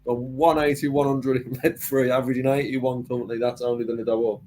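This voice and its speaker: A man commentating live on darts, chatty and quick to laugh at himself. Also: mid-range voice, little pitch movement, darkish tone, slight background noise, rough recording. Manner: chatty, laughs easily, joking.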